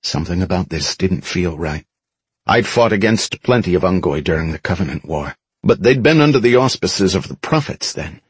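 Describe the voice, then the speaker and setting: Husky, expressive male audiobook narrator. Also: low voice, normal speed, dry recording. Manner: expressive, dramatic storytelling. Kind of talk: first-person audiobook narration of an action story.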